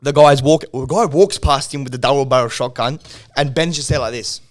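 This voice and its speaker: An Australian man spins a rambling, swear-laden yarn as a podcast guest, his voice sitting at an ordinary middle pitch. He rushes through bits, circles back, and chuckles between lines. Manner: profane, rambling, laughs often. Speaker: music video producer, podcast guest. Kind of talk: casual podcast storytelling.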